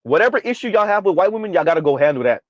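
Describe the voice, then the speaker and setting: A man's voice: sits high, big pitch swings, racing, no echo, dull audio. A man ranting in a sardonic, exasperated commentary vlog, hammering his points by repeating them. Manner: sardonic, exasperated, repetitive emphasis. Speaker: commentary vlogger.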